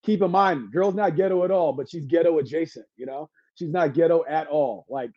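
A man from Brooklyn, a guest entertainer chatting on a podcast, telling animated stories with jokes and laughs. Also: fairly high pitch, fairly quick, no echo. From Brooklyn, New York. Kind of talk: casual podcast chat. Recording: dry, slightly dull lo-fi sound.

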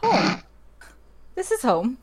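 A woman playing in a tabletop game, reacting with quick asides and exclamations. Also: fairly high pitch, wildly swooping pitch, breathy edge. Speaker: player. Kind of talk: casual chat at a tabletop game.

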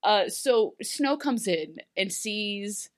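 An animated woman in her thirties chats casually as a co-host. She acts out scenes in playful voices and laughs often as she goes. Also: medium pitch, slow. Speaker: podcast co-host. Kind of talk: casual recap chat.

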